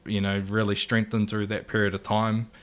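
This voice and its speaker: A man in his thirties speaks with a New Zealand accent and a fairly low voice. He is a guest telling a story in casual conversation. He brings the anecdote to life by acting out what people said. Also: moderate pace, smooth. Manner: animated anecdote-telling, acts out quotes.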